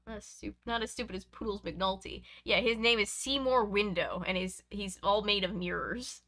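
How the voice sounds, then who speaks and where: Bright-voiced woman reading aloud. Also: medium pitch, normal speed, hardly any pauses. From Canada. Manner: lively expressive reading, chatty asides between passages. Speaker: reader and streamer. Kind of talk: reading a children's book aloud. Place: home room with bookshelves.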